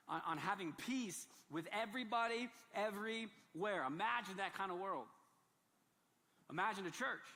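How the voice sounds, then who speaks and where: Animated preacher man, bright voice in a reverberant hall. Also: high-pitched. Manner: animated, swings from soft asides to loud emphatic bursts. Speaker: pastor. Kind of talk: sermon. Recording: long reverb of a church hall.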